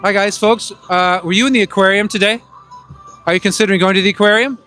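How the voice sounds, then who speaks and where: A man live streaming outdoors in a busy plaza, calling out to passers-by in a loud, projecting voice. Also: high voice, steady tone, fast. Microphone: handheld phone mic. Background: music from outdoor speakers.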